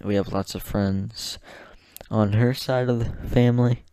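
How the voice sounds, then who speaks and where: A young man vlogging a casual rant to the camera, halting and out of breath, swearing and restarting his sentences. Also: on the low side, steady tone, mellow, clear, resonant tone, no room sound, studio quality.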